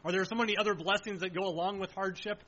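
A man preaching a sermon in an earnest, emphatic way, slowing down to stress key phrases. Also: high-pitched, steady tone, pushed and bright, lo-fi sound.

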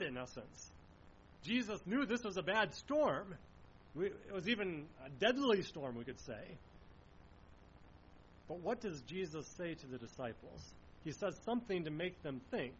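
A man with a fairly high voice preaching earnestly, often pausing to pose rhetorical questions to his listeners. The recording is dull and lo-fi, with a faint rumble underneath. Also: a bit bright. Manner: earnest, uses rhetorical questions, some restarts. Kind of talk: sermon.

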